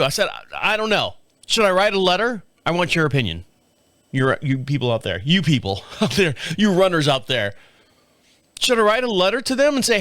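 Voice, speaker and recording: Speaking to camera from his small home studio, this middle-aged podcast host rambles through a casual story, laughing often. The studio mic catches a somewhat bright, higher voice with big pitch swings, a slightly fast pace, and no room sound.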